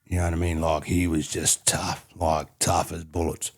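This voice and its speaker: Man, Australian accent, middle-aged, deep voice, raspy, rambling casual storyteller, podcast guest. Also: flat delivery, normal speed. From country New South Wales, Australia. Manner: rambling, repeats "you know what I mean". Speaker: podcast guest, former rugby player.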